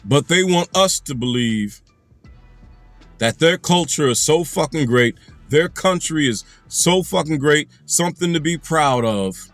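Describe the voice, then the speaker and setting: A man's voice: a little high, lively intonation, unhurried, a bit bright, dry recording, soft background music. A man delivering an angry, profane commentary rant, hammering his points with repetition. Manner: angry, emphatic, heavy profanity, repeats phrases for emphasis. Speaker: commentary channel host.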